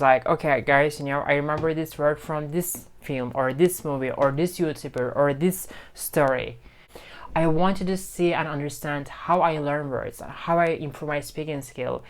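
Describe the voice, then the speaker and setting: A man's voice: a little high, clear, resonant tone. Guy recording an english lesson on his phone, talks loose and repeats stuff with lots of okays. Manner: chatty, repeats phrases with lots of "okay?". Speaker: English-learning YouTuber. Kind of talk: casual teaching to camera. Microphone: phone camera.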